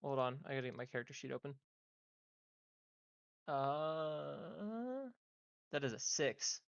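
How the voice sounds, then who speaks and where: A man's voice: a little high, very animated, slow, creaky, dry recording, dull audio. A man playing a tabletop game, speaking in a laconic, dry way. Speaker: player. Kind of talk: tabletop role-play, in and out of character.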